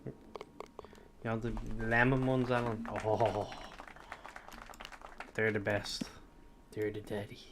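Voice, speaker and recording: A man's voice: on the low side, steady tone, slow, pauses often, crowd noise, noisy background. Chatty, swearing Irish man. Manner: rambling, sweary and chatty, eating sweets while talking. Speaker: streamer. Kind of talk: casual chat answering live chat.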